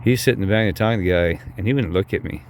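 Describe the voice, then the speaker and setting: A man's voice: low voice, racing, a little hiss or hum. A man telling a rambling, heated story to his viewers. He curses often, keeps repeating "I said", and his voice jumps up when he quotes himself. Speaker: vlogger telling a personal story.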